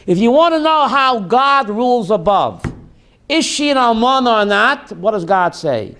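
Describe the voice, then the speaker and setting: Male rabbi, high and gravelly, slow dramatic storyteller. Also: lively intonation, fairly bright tone. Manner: storytelling, asks the audience questions and answers them; dramatic, voices screaming characters in quotes. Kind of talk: lecture to a class.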